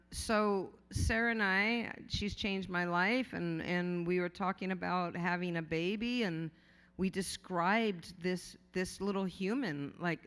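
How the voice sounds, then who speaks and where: A woman speaks off the cuff at a podium in a large hotel ballroom, her voice smooth and resonant as it rings out into a long hall reverb. She rambles candidly through an acceptance speech, joking, swearing casually and tripping over fillers and restarts. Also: on the low side, a bit bright. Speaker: award honoree giving an acceptance speech.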